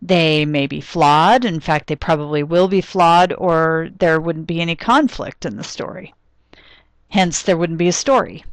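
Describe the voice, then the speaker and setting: A woman's voice: deep voice, measured pace, no echo. A woman lecturer explaining literature in a recorded class, thinking aloud with frequent ums and restarts.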